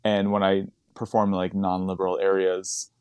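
A man's voice: low-pitched, completely flat delivery, normal speed, darkish tone, smooth, dry recording. A man who does stand-up comedy, chatting casually on a podcast, rambling and laughing often as he digresses.

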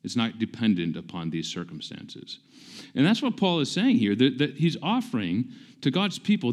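Lively-voiced man in his forties preaching. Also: mid-range voice, normal speed. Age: 40s. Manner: conversational, self-deprecating, emphatic repetition. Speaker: pastor. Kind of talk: sermon.

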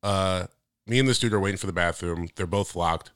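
Young male podcast co-host, quick and bright, an excitable storyteller who spikes up in pitch when indignant. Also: clear, resonant tone, dry recording, clean studio sound. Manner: animated storyteller, gets loud and high when worked up. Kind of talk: casual chat.

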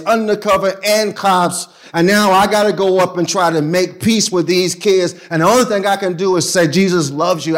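Animated New pastor telling stories. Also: male voice, high voice. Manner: animated, street-casual storytelling with sudden loud and soft swings. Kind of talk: storytelling talk.

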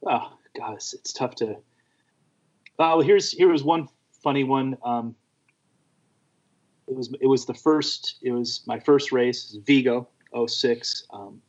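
A man's voice: medium pitch, slow pace, long pauses, lo-fi sound. A man who works as a race mechanic, telling rambling anecdotes full of fillers in casual conversation. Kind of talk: casual storytelling.

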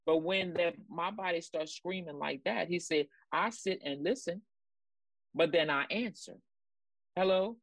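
Here a ministry co-host with a lowish, expressive voice talks at normal speed in a dry recording. Her preaching commentary leans on emphasis and repetition, and she urges listeners forward with exclamatory praise.

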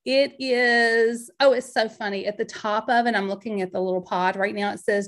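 A woman in her forties talks through her podcast in a bubbly, rambling way. Her voice sits a little on the high side, and she sounds slightly out of breath as she chats on. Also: moderate pace, hardly any pauses. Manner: bubbly, rambling, animated storytelling. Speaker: podcast host. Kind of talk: chatty solo podcast talk.

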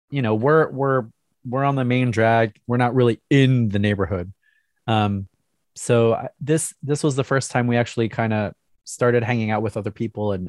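Over a video call, a man co-hosts a casual chat as a podcast co-host, his medium-pitched voice hesitant, often restarting and letting out little laughs. The audio is studio quality with no echo.

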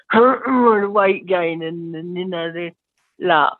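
A man's voice: sits high, slow pace, dry recording. A heartbroken, insecure guy, as a man plays him in an improv scene, stammering and mumbling through every line. The sound is dry and comes over a tinny, phone-like line. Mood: sheepish.

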